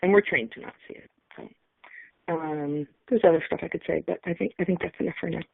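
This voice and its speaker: A middle-aged woman sharing a personal account on a call, halting and emotional, with many fillers. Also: low voice, fairly even intonation, creaky, slight background noise. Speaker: webinar speaker. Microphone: phone line. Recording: tinny phone line, dry.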